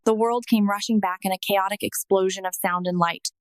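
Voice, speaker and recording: A woman narrating a scripted first-person testimony in a slow, emotional, earnest manner. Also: medium pitch, fairly even intonation, clean tone, dry recording.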